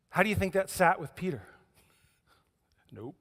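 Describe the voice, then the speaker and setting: A man's voice: high-pitched, sing-song, unhurried, long pauses, fairly bright tone, breathy edge. A man preaching a sermon as pastor, telling stories with humor and acting out the scenes. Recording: echoey church hall.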